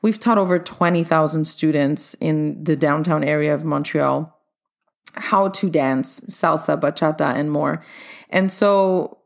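Casting: middle-aged woman, dance studio owner, upbeat and chatty storyteller with a slightly low voice. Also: a little slow, creaky. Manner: upbeat, chatty, addresses listeners directly. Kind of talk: personal storytelling monologue.

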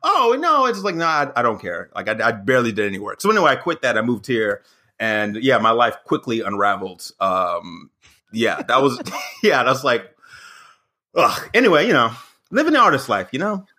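Animated, bright-voiced man telling stories. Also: mid-range voice, moderate pace. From American South. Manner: animated storytelling, frequent fillers and restarts. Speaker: podcast guest, stand-up comic. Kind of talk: casual chat.

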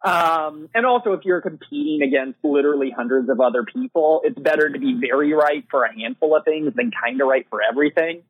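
Husky man on a tinny line. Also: a little high, brisk, few pauses, no room sound. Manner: casual, many fillers like "you know" and "like". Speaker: literary manager. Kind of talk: podcast interview answers. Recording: dry, thin phone-line sound.

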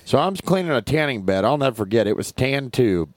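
A man's voice: mid-range voice, lively intonation, a little fast, no echo. A man, co-hosting a podcast and telling a story with dry, wry humor. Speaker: podcast co-host. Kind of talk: casual storytelling chat.

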